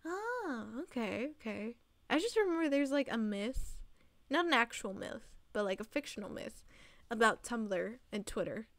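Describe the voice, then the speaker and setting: A woman's voice: fairly high pitch, big pitch swings, moderate pace, fairly bright tone, dry recording. An eighteen-year-old woman streaming, chatting casually and rambling, laughing often.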